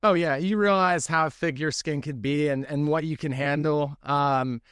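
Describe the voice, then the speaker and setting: A relaxed guest from New Jersey speaking from his home office. His mid-pitched voice is smooth and clear, and the sound is dry and close. He talks easily, with frequent fillers. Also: normal speed, no echo. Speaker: guest, tech leader. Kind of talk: casual interview chat. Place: home office on a video call.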